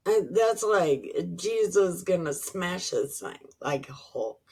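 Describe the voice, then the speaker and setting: A woman's voice: lowish voice, expressive, slow pace, few pauses, darkish tone, husky. A woman reading scripture aloud and riffing on it casually, irreverent, swearing and laughing at her own jokes. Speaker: Bible reading vlogger.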